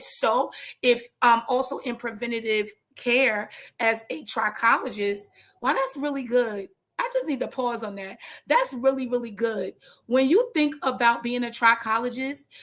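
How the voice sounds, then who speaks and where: A woman who works as a trichologist, giving casual, animated business advice to other trichologists, with lots of slang, asides and jokes. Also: on the high side. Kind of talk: casual educational talk.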